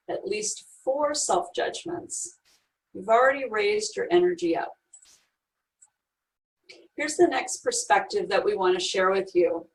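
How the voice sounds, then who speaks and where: Slow, soothing woman guiding a meditation. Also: on the high side, vocal fry, far from the mic, slight background noise, poor audio. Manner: soothing, coaching the listener step by step. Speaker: energy healing guide. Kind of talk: guided healing meditation.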